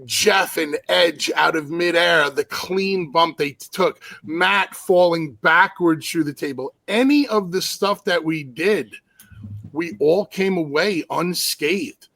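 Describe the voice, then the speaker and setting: Brief: gravelly male podcast guest, higher pitch, dry close sound, emphatic recounting. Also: slow, fairly bright tone, dry recording. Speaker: guest wrestler. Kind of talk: casual chat.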